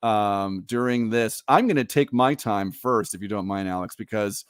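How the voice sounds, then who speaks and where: A man co-hosting a podcast chats casually and animatedly, often laughing and reading quotes aloud. His lowish voice is clear and resonant, at a moderate pace. The recording is clean studio sound with no echo.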